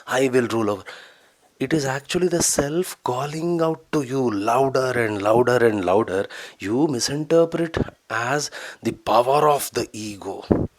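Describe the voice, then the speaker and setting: A man speaks in a somewhat low voice, musing on spiritual ideas in a podcast talk. He is earnest and keeps repeating phrases to build emphasis. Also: no echo. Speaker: podcast host.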